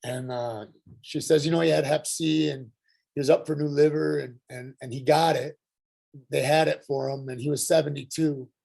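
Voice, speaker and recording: A middle-aged man telling his personal recovery story at a workshop, earnest and halting, with frequent pauses and restarts. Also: a little high, fairly even intonation, gravelly, a little mellow. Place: Santa Fe.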